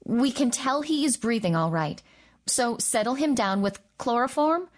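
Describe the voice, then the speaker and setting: A woman's voice: fairly high pitch, expressive, moderate pace, voice pushed up, natural voice. A woman reading the part of a young, nervous woman helping in an emergency surgery, her voice lifted above her narration. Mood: anxious. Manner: anxious, urgent.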